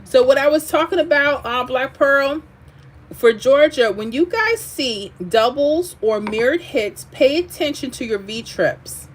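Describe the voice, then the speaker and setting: A woman hosting a lottery livestream, chatting casually, reading viewer comments aloud and drifting into animated asides. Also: sits high, unhurried, slight background noise.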